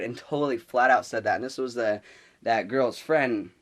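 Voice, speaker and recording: A teenage boy vlogging about his school day, his voice at an ordinary middle pitch for a guy. He rambles through the story with quick restarts, stacking one filler word on another as he gets worked up. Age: teens. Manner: rambling, animated, lots of restarts and "like". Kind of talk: casual storytelling vlog.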